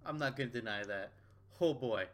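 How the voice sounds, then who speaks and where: A man co-hosting a casual podcast chat, cutting in with quick, wry jokes and banter. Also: medium pitch, slight background noise.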